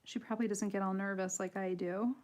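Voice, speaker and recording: A woman's voice: mid-range voice, fairly even intonation, a little fast, darkish tone. A woman with a light Michigan accent and a slightly nasal voice hosts a casual coloring livestream. She rambles, giggles, and pokes fun at herself while explaining each step. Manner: chatty, giggly, self-deprecating, rambling. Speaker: livestream host and coloring artist.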